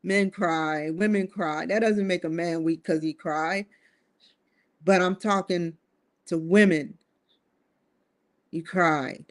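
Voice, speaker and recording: A woman's voice: fairly low pitch, steady tone, slow, pauses often. A woman vlogging to camera in a casual monologue, musing and putting questions straight to her viewers. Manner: musing, addresses viewers directly with rhetorical questions.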